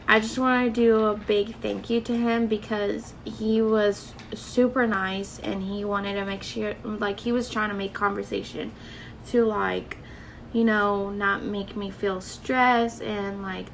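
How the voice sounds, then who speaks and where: Chatty young woman with gravelly edge. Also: mid-range voice, flat delivery, unhurried, slight background noise, low-quality recording. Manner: chatty, filler-heavy, quotes others in dialogue. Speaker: vlogger. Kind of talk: casual storytelling to camera.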